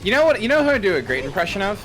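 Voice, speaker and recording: A man's voice: high voice, very animated, very fast, fairly bright tone. Joking, cussing male streamer. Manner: joking, profane, laid-back. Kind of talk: casual gaming chat.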